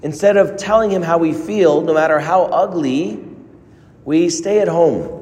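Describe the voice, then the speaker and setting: A man's voice: a little high, a little mellow. Earnest male preacher in a reverberant church. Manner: earnest preaching with dramatic pauses and rising emphasis. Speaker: priest. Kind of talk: sermon. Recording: long reverb of a large hall.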